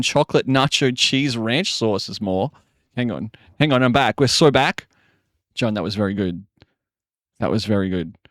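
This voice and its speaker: A man's voice: medium pitch, no echo, clean studio sound. A man chatting casually on a live stream, rambling and joking, with frequent swearing. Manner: rambling, jokey, swears often.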